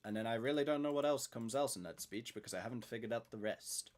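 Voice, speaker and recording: A man's voice: mid-range voice, fast talker. A man chatting casually and rambling to himself while he builds in a game, thinking aloud to viewers.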